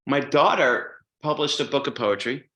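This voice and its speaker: A man talking as a podcast guest, telling stories in a relaxed way and swearing casually. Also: mid-range voice, normal speed. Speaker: guest musician.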